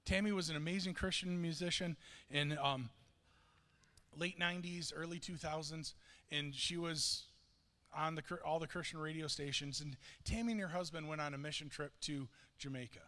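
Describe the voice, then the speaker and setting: A man's voice: fairly high pitch, fairly even intonation, moderate pace, bright, forceful tone. A man preaching a sermon, telling a story earnestly with frequent restarts. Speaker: pastor. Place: church sanctuary. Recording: long reverb of a church hall.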